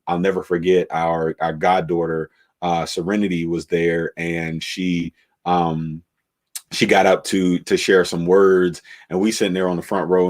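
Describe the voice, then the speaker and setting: A man, a pastor, telling the story of his church's beginnings in a relaxed conversational way, with many fillers and restarts. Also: deep voice.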